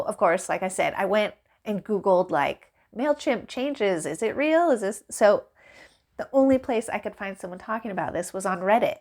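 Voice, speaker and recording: A woman vlogging casually to camera, animated and exasperated, laughing and acting out the exchanges as she tells them. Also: medium pitch. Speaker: small business vlogger. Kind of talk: casual ranting vlog to camera.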